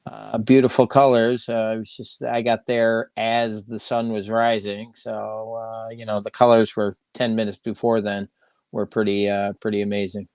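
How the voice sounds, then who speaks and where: A man's voice: fairly low pitch, flat delivery, normal speed, creaky, a little mellow, clear, resonant tone, no echo. A man being interviewed on a podcast, modest and easygoing, talking with hesitant fillers. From Chicago area. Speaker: guest. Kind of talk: casual interview chat.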